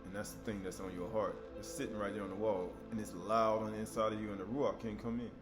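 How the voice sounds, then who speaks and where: A man preaching a sermon in a conversational, animated way, with sudden loud outbursts. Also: lowish voice, quick pace, music in the background.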